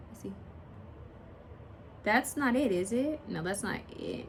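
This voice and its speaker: A woman giving a casual pick-a-picture card reading, chatty and rambling, often pausing to search aloud for a word. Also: medium pitch, a little hiss or hum. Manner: swears and laughs casually while talking. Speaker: tarot card reader.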